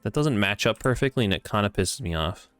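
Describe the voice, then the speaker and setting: A male streamer talks casually over his gameplay in a low, smooth and resonant voice. He flips from mock-grand, dramatic musings to excited, swearing outbursts at what happens on screen. Faint music plays behind him. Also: a little fast, no echo.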